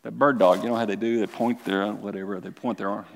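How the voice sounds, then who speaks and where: A man preaching a sermon as a pastor, with animated delivery that climbs to near-shouts and then drops low. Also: quick pace, vocal fry. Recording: long hall reverb.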